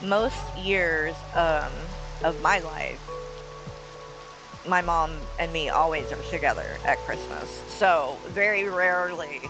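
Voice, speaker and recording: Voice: medium pitch, takes it slowly, over music, rough recording. A streamer chatting casually and easily to viewers, played back in a clip.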